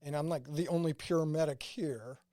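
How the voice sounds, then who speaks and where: A man from St. Louis who served as a combat medic tells animated stories in a casual interview, quoting other people as dialogue along the way. His voice runs on the high side at a moderate pace, with clean studio sound and no echo.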